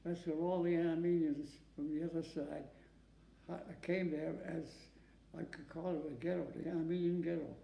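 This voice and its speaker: Man in his nineties, from Massachusetts, war veteran, oral history interview, halting and repetitive, slightly high pitch, echoey room. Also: flat delivery, gravelly, mellow, a little hiss or hum. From Massachusetts, USA. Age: 90s. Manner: halting, repeats words, often asks to repeat questions.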